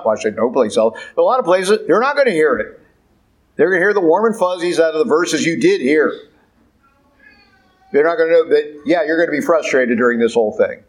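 A man's voice: fairly high pitch, low-quality recording. A man preaching a conversational sermon, emphatic and full of rhetorical questions.

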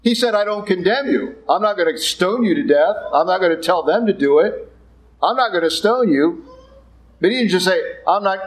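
A Catholic priest with a high voice gives a conversational sermon full of blunt asides, sometimes acting out the voices he quotes. The recording quality is low.

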